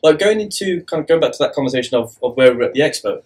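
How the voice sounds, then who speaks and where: A man's voice: on the high side, animated, rapid-fire, a little mellow. A man co-hosting a podcast, rambling through jokey anecdotes and questions. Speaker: podcast co-host. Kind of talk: casual chat.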